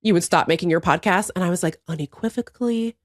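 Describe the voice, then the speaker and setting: A woman's voice: lowish voice, steady tone, racing, no echo, clean studio sound. An American woman co-hosting a podcast, telling a story with lots of swearing and laughter. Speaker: podcast co-host. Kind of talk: casual chat.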